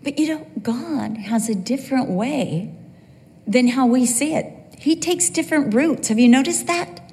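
A middle-aged woman preaching a sermon in a church, lively and humorous, acting out bits of dialogue with quick asides. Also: sits high. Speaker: women's Bible teacher. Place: church sanctuary. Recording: long hall reverb.

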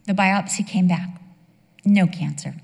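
A woman's voice: lowish voice, unhurried, vocal fry, a little mellow, husky. A woman in her fifties giving an emotional sermon-style testimony, telling the story with acted dialogue. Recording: long reverb of a large hall.

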